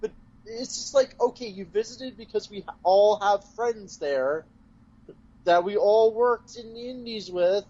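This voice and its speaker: A man's voice: high-pitched, measured pace, mellow, highs cut off. A man co-hosting a casual podcast, speaking in a laid-back, hesitant way full of fillers. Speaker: podcast co-host. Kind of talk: casual chat.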